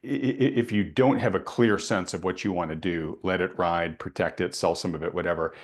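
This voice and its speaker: Male host, deep voice, conversational, stops and restarts a lot. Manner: halting, many restarts. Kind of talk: conversational panel discussion.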